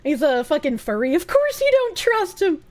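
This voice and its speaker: A woman streamer talks casually to her chat, crude and teasing, often breaking into laughter. Her voice sits high and moves with lively swings in pitch. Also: normal speed.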